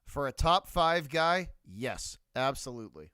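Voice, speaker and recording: A man's voice: medium pitch, sing-song, a little slow, clean tone, no room sound. A man with a Boston accent hosting a live sports reaction stream, talking bluntly and repeating his points. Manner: blunt, repeats himself, shouts out viewers. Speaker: livestream host.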